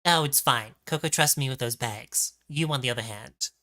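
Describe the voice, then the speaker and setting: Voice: medium pitch, normal speed, bright, forceful tone. A co-host reading fan fiction lines aloud on stream, playful and prone to giggling. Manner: giggly, reads lines with playful mock-drama. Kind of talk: comedic dramatic reading.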